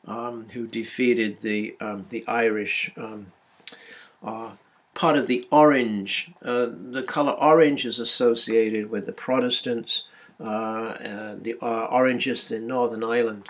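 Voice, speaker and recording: A man's voice: mid-range voice, slow, a bit bright. A man giving a university lecture, hesitant and full of ums and restarts.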